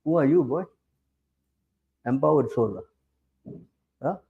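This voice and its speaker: A man's voice: mid-range voice, expressive, takes it slowly, creaky, narrow, tinny audio. A middle-aged man giving a scripture class as a preacher, challenging his listeners and often asking rhetorical questions. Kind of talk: sermon.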